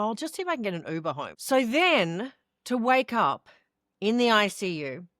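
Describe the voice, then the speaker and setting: A middle-aged Australian woman with a lowish voice tells her own story candidly as an interview guest. She's expressive, acting out the voices of people she quotes and laughing as she goes, in a dry, studio-quality recording.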